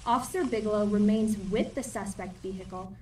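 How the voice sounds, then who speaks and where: A woman narrating a police incident video in a calm, even, scripted voice. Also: medium pitch, brisk. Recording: distant, with faint background hiss.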